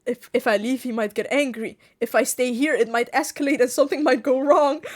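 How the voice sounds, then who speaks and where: A woman streamer telling a story to her viewers in a casual chat, animated, laughing often and swearing freely. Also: high voice, fairly quick, few pauses. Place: home streaming setup.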